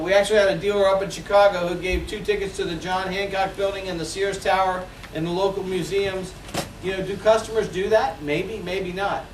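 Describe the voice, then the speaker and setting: A man's voice: sits high, a little hiss or hum. A man in his forties, a sales trainer, leading a seminar and acting out customer phone calls with lots of energy. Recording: echoey room, mic from a distance.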